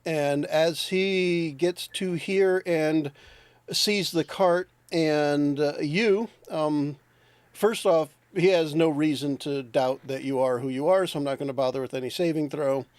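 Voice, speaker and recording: A man narrating as game master, explaining the scene in a relaxed way. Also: fairly high pitch, unhurried, clean tone, dry recording.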